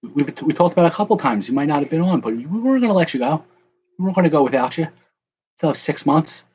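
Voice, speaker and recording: A man's voice: fairly high pitch, animated, fast talker, darkish tone, husky, muffled recording. Chatty man hosting a card break stream. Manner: chatty, joking, talks to viewers in chat by name. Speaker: card breaker livestream host. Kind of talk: casual livestream chat while opening trading card packs.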